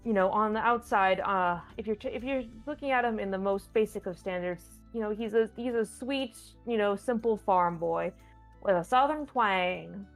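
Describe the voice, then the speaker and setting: A woman hosts a relaxed viewer Q&A on a tabletop game stream, talking in a playful, rambling way and often restarting her sentences. Her voice has a gravelly, fry-laden edge, and faint music plays softly underneath. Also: mid-range voice. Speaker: stand-in host answering viewer questions. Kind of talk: casual live-stream chat.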